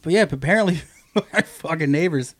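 A man on a casual podcast telling a story, swearing a lot and jumping into a high, goofy voice when he quotes people. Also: animated, fairly quick. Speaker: podcast co-host. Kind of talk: casual chat.

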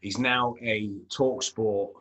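A man's voice: fairly low pitch, steady tone, takes it slowly, fairly bright tone, echoey room, a little hiss or hum. A man co-hosting a casual football podcast, laid-back, laughing easily and explaining his opinions. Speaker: podcast co-host.

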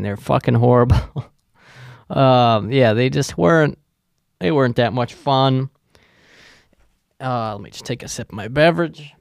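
Male podcast host, creaky voice, dry close sound, sarcastic rambling rant. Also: medium pitch, dry recording. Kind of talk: casual comedic monologue.

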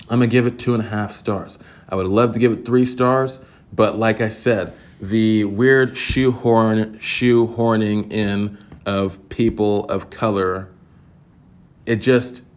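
A man with a slightly low voice hosts his own podcast and rambles through a casual review. He swears freely and jokes along the way. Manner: profane, rambling, joking. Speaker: podcast host.

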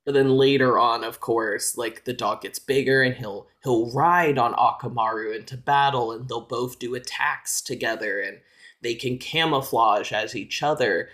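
A man's voice: medium pitch, moderate pace, fairly bright tone. Laid-back man explaining at length. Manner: explanatory, filler-heavy with frequent "like". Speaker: podcast co-host. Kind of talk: casual chat.

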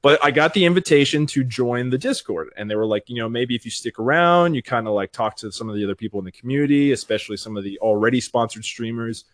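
A man's voice: medium pitch, expressive, quick pace, hardly any pauses, no echo. A young man, a streamer and podcast guest, telling a rambling, self-deprecating story in casual chat. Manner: rambling, self-deprecating, acts out quoted voices.

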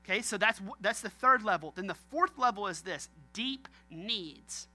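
A man's voice: high voice, expressive, normal speed, pushed and bright, soft background music. A man preaching a sermon as pastor, joking and talking straight to his congregation.

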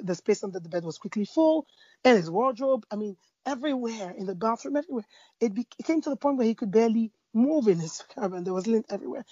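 A Christian woman preaches conversationally, telling a story full of restarts and fillers. Her slightly high voice is husky and mellow, and the recording is dry and somewhat dull.

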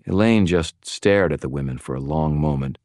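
A man's voice: extremely low pitch, normal speed, a little mellow, dry recording. A man narrating a first-person novel in a dry, wry tone. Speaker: audiobook narrator.

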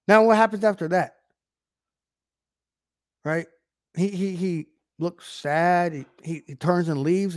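High-voiced man preaching to camera. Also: a little mellow, no room sound, studio quality. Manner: emphatic, keeps asking "right?". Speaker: online preacher. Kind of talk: informal video sermon.

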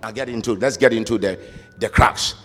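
A man preaching a sermon, emphatic and sing-song, rising to shouts and asking the congregation to repeat phrases. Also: on the low side, fairly quick. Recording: reverberant hall with faint music.

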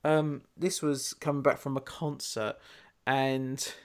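A British man in casual chat, telling lively anecdotes with swearing. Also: mid-range voice, slow.

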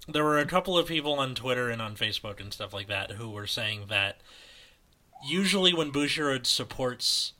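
A man's voice: mid-range voice, lively intonation, normal speed, pushed and bright. A man hosting a casual podcast, opening the show and leading the chat in an upbeat way. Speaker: podcast host.

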